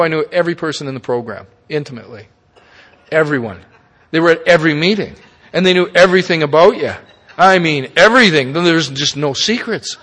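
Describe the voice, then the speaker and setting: Middle-aged man, pitched a bit high, frank and salty recovery talk, recorded in an echoing hall. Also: fairly bright tone. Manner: candid, profane, folksy with tag questions. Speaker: speaker at a recovery meeting. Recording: long reverb of a meeting hall.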